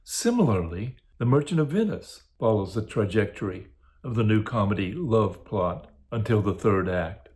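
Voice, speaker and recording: A man giving a recorded lecture as a course instructor, in a measured, academic way. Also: on the low side, expressive, darkish tone.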